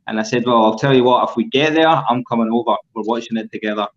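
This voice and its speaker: A man tells a relaxed, meandering story full of ums and asides. His voice sits at a middle pitch. The audio sounds a bit dull and lo-fi. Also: fast talker. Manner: rambling, relaxed, many ums. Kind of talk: casual storytelling chat.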